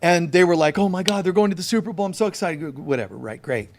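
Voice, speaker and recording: A man's voice: sits high, expressive, fast, a little hiss or hum. A man preaching a conversational sermon as a spiritual teacher, emphatic and storytelling, talking straight to his listeners. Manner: emphatic, direct address to listeners.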